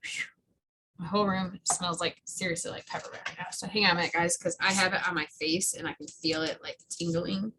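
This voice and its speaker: A woman's voice: lowish voice, steady tone, brisk, background noise. A woman casually explaining product uses in a chatty way, often tripping over words and correcting herself. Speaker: essential oils presenter. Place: her room at home.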